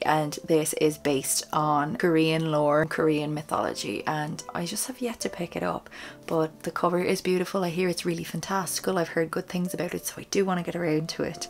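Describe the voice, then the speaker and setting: A woman with a fairly low, creaky voice gives a casual, chatty tour of her bookshelf for her book vlog. She pokes fun at herself and slips into soft, whispery asides.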